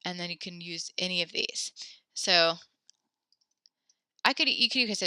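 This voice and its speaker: A woman's voice: on the low side, normal speed, long pauses, sharp tone, dry recording, clean studio sound. A woman teaching an online class, talking casually, correcting herself and encouraging her students. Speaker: French teacher.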